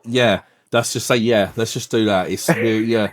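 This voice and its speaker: A classic car garage owner in his thirties, with a South London accent, chats in a podcast interview. His voice is on the low side and steady at a moderate pace, and he swears freely while animatedly acting out quoted exchanges.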